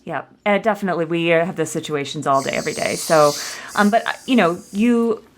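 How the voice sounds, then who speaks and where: A woman hosting a podcast interview, chatty and quick to laugh. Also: on the low side, a little hiss or hum. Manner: chatty, laughs often, many fillers. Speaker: podcast host.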